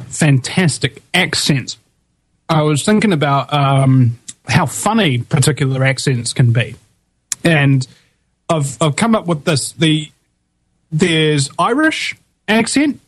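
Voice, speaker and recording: A man's voice: fairly high pitch, lively intonation, slow pace, slightly rough, poor audio. A man with a New Zealand accent hosting a talk radio show, chatting casually in a rambling way with frequent ums. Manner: rambling, full of ums and uhs.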